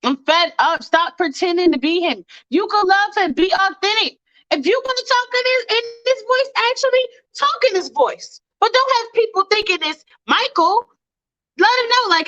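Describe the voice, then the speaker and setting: Profane high-voiced woman ranting on a livestream. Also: animated, normal speed, fairly bright tone, dry recording, dull audio. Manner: blunt, profane, fired-up, talks to chat. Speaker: host of a fan livestream. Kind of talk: casual livestream rant.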